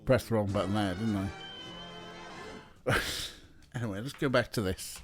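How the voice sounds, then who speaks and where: A man's voice: on the low side, moderate pace, soft background music. A young man streaming, chatting casually and talking to his cats as he plays. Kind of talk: casual live-stream chat.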